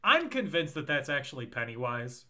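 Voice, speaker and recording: A man's voice: medium pitch, very animated, normal speed, sharp tone. A young man co-hosting a podcast, chatting casually and rambling through a film recap. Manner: rambling, trails off with ums. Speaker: podcast co-host.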